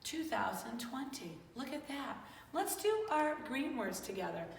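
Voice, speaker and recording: A woman teaching young children in a slow, coaxing, sing-song voice that sits a little high. She sounds upbeat and keeps the class moving. She is recorded from a distance, with a roomy echo and a long reverb tail. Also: big pitch swings, vocal fry, a little hiss or hum. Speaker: kindergarten teacher. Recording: roomy echo, distant mic, faint ambience.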